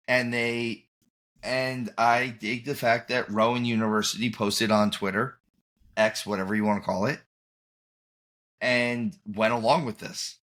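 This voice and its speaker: In a casual podcast conversation, this host rambles and frequently drops a thought only to start it again. His mid-range voice is somewhat bright and fairly even in intonation, and he speaks at a measured pace with long pauses.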